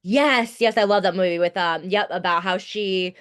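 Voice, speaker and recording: A woman's voice: mid-range voice, normal speed, clean tone. A woman hosting a podcast, talking casually and reflectively, with many filler likes. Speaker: podcast host.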